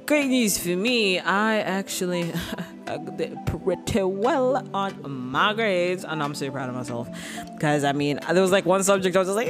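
A young adult woman hosting her podcast in a casual, upbeat way, full of "like" and "you know". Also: fairly low pitch. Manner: chatty, upbeat, heavy use of "like" and "you know". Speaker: podcast host. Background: background music.

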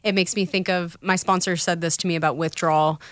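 A woman's voice: lowish voice, steady tone, fairly quick, fairly bright tone, no echo. A woman talking candidly about recovery in a casual podcast chat, telling stories with quoted voices.

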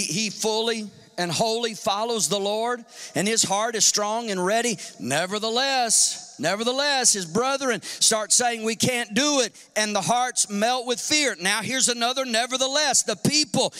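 A male pastor preaching a sermon in an animated style, firing off rhetorical questions and acting out quotes. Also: very high voice, clean tone. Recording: long hall reverb.

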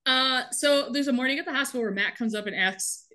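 A woman co-hosts a casual podcast chat, recapping a TV episode with animated energy and frequent laughs. Her voice is bright and sits fairly high. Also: a little fast. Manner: animated, laughs often while telling. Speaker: podcast co-host.

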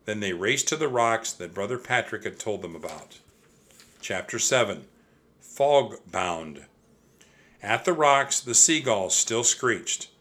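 A man reading a children's chapter book aloud. His voice is bright and clear. He reads steadily and expressively. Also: on the low side, expressive, takes it slowly. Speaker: narrator. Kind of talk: audiobook storytelling.

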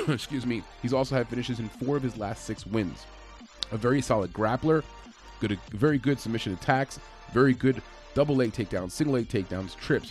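A man's voice: mid-range voice, darkish tone. A man giving a casual, conversational breakdown of an upcoming fight, with frequent fillers and restarts. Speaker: MMA fight analyst.

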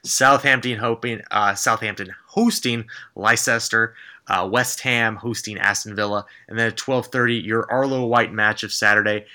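A man's voice: on the low side, fairly even intonation, normal speed, pushed and bright. A man co-hosting a sports podcast, running through fixtures and scores in a casual, sarcastic way. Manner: dry, sarcastic rundown of fixtures. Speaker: podcast co-host.

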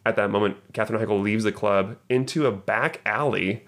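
A man's voice: lowish voice, normal speed, fairly bright tone. A man co-hosting a casual movie podcast, playfully teasing and retelling scenes in detail. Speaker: podcast co-host.

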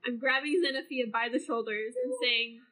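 A woman's voice: a little high, fairly even intonation, moderate pace, bright, forceful tone. A woman playing a tabletop role-playing game, earnest and dramatic when she speaks in character. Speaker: player.

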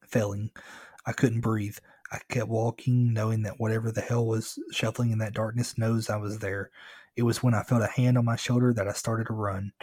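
A man reading a first-person horror story aloud in a steady, earnest way, with joking asides. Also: lowish voice, husky, dry recording. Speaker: storyteller and co-host.

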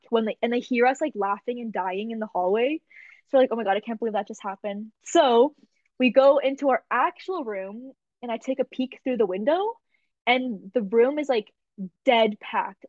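A young woman hosts a podcast as a casual storyteller, her voice on the high side with no echo. She's animated, laughs often and fills her talk with "like." The recording is dull, lo-fi and dry.

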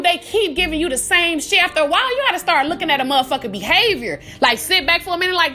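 A woman hosting a podcast, giving casual, profane, animated motivational advice with frequent laughs, calling the listener baby. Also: extremely high pitch, fast talker, hardly any pauses, soft background music. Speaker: podcast host.

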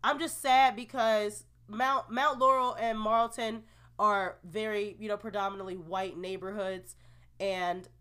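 A young woman hosting a casual solo podcast, opinionated and expressive, groaning in disgust and laughing in disbelief as she reacts to the news. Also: mid-range voice, unhurried, clean tone. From New Jersey, USA. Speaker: podcast host.

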